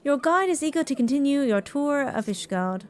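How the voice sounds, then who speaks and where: A woman's voice: high voice, lively intonation, moderate pace, pitched above the performer's own voice. A woman voicing a courteous, formal city guide who describes the sights in stately, old-fashioned phrasing, with faint game music behind her. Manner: stately, courteous narration of a tour.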